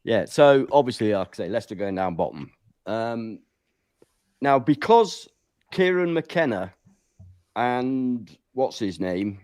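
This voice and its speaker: A man's voice: medium pitch, expressive, slow, long pauses, a little mellow, clean tone, dry recording, studio quality. A man on a football podcast panel, giving his predictions in a blunt, joking way.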